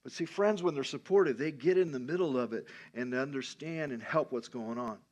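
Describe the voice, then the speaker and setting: A man pastor preaching a sermon in a lively, conversational storytelling way. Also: medium pitch, fairly quick, muffled recording.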